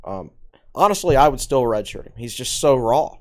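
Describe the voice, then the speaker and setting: A man's voice: medium pitch, animated, normal speed. A man co-hosting a sports podcast, giving blunt, frank opinions in casual chat. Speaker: podcast co-host, sports analyst.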